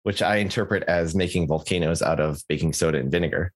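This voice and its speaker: Low-voiced young man rambling on a podcast. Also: fast talker. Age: young adult. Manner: rambling, jokey, many fillers and restarts. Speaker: podcast co-host. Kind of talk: casual podcast chat.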